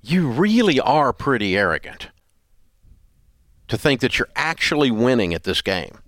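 A man's voice: mid-range voice, very animated, measured pace, a bit bright, no room sound, studio quality. An older man hosting a radio advice show, blunt and scolding in an emphatic, repetitive way. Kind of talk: call-in advice show banter.

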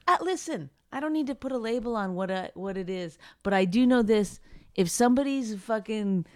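A woman's voice: a little high, lively intonation, moderate pace, darkish tone, no room sound, clean studio sound. A woman co-hosting a casual chat, blunt, profane and combative. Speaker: podcast co-host.

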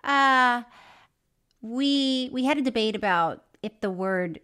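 This is a woman with a slightly high voice, co-hosting a casual podcast. She banters playfully and reads listener letters aloud. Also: lively intonation, slow pace, bright, forceful tone, clear, resonant tone. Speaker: podcast co-host. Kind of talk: casual chat, reading listener mail.

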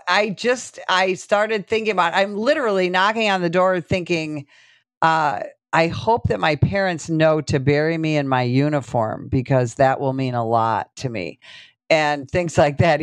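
A middle-aged woman, a police sergeant telling stories as an interview guest, animated and full of fillers. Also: low voice, normal speed, no room sound. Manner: animated storyteller, many fillers, acts out quotes. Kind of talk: casual storytelling interview.

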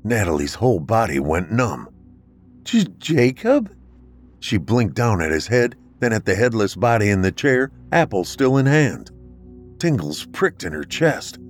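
A man narrating a horror story in a dramatic, expressive way. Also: lowish voice.

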